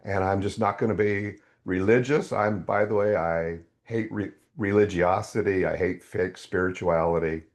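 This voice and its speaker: An older man, a podcast guest, telling a faith testimony as an animated storyteller whose voice leaps up when excited. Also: sits low, moderate pace, few pauses.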